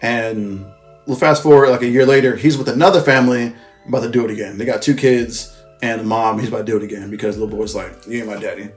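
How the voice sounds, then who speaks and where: A man's voice: mid-range voice, fairly even intonation, quick pace, soft background music. A man casually recapping a film's plot as a reviewer, rambling, swearing and often correcting himself. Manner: rambling, profane, with frequent self-corrections. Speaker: movie reviewer.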